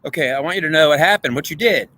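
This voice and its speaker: A man's voice: on the high side, expressive, very fast, bright, forceful tone. A man in a rambling, emotional monologue, pleading with an unseen goddess in an agitated, repetitive way. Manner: addresses an unseen goddess directly.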